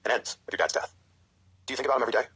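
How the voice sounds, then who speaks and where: A man hosting an interview, asking his guest gentle, probing questions. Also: mid-range voice, rapid-fire, breathy edge. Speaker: podcast host and interviewer.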